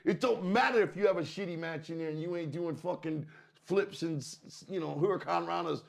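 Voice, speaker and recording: Gravelly high-pitched man. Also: fairly quick. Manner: blunt, rambling, swears freely. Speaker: podcast co-host. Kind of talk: casual profane chat.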